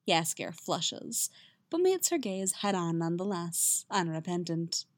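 Woman storyteller, animated pitch, expressive reading, dry close sound. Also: a little slow, no room sound. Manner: lively, expressive reading with voiced dialogue. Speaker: fan fiction reader. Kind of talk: storybook narration.

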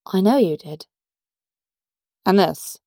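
A woman voicing a brisk, formal English agent who speaks politely and directly. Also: mid-range voice, animated, dark tone, no echo, studio quality. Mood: guarded.

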